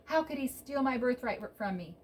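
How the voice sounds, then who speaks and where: A woman's voice: high-pitched, animated, a little fast, distant mic, a little hiss or hum, voice pushed up. A woman voicing an enraged young man ranting about being cheated, for a children's Bible story. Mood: furious.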